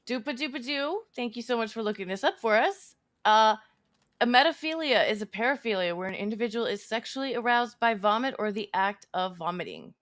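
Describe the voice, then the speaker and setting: A woman's voice: a little high, animated, brisk, a bit bright. A woman co-hosting a podcast, wry and blunt in casual chat. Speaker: podcast co-host.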